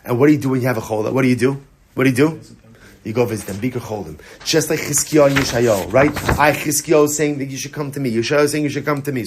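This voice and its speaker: A man, a rabbi, giving a Torah class to students, repeating his key lines and swinging between raised emphasis and quiet, low storytelling. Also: a little hiss or hum. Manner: animated teaching, repeating key lines, rising for emphasis, dropping low for stories; sings short snatches of a melody.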